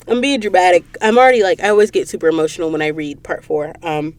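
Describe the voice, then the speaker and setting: A woman's voice: lowish voice, quick pace, hardly any pauses, no room sound. Sniffly woman with a dry, close sound. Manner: animated storyteller, acts out quoted lines. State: sniffly from allergies. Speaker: podcast host. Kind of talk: casual book recap. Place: recording booth.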